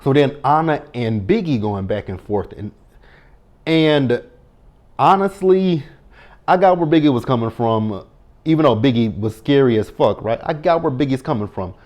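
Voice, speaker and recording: A man's voice: mid-range voice, expressive, normal speed, a little mellow. A man in his thirties giving a casual reality TV recap, blunt and profane, speaking straight to the cast members and stressing his words. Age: 30s.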